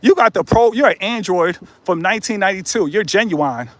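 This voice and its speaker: A man streaming live from a mountain path, talking casually into his phone. His voice sits high for a man. He jokes, teases and riffs with his viewers in an easy, playful flow. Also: expressive, brisk, no echo. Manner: joking, playful, riffs with chat and laughs often. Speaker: livestream host. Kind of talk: casual livestream chat while walking. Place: outdoors on a mountain trail, then a tunnel.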